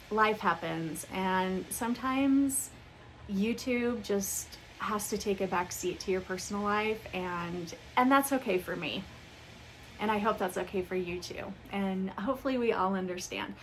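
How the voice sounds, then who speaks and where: Slow-talking, gushing woman booktube host. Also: medium pitch, a little hiss or hum. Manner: gushing, excited, calls viewers "you guys". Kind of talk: casual unboxing chat. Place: home room with ring light.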